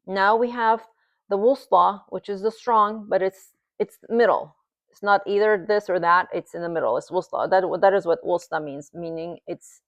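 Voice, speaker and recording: A woman's voice: lowish voice, no room sound, lo-fi sound. A woman teaching recitation at a board, explaining patiently and demonstrating each sound several times.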